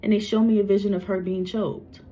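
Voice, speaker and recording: A woman speaks in a blunt, repetitive way and curses freely, like a psychic medium talking straight to her viewers. Her pitch sits in a middle range for a woman. The recording sounds dull and lo-fi. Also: level tone, fairly quick, warm tone. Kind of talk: casual spoken reading to camera.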